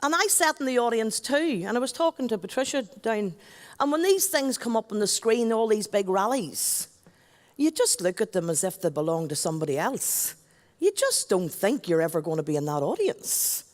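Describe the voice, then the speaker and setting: A middle-aged woman with a Northern Irish accent, an MC on stage giving a chatty, joking talk and addressing the crowd. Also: mid-range voice. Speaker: event MC. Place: stage at a large event. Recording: long hall reverb.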